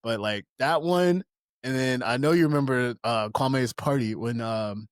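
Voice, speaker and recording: Young guy on a podcast telling wild party stories, jumps into squeaky impressions, dry close mic. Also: measured pace, dry recording. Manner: animated storyteller, jumps into high-pitched impressions of friends. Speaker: podcast co-host. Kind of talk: casual storytelling chat.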